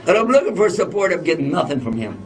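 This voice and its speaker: A man's voice: fairly high pitch, big pitch swings, quick pace, crowd noise. A man telling a personal story in a casual way, often laughing as he talks. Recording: distant microphone.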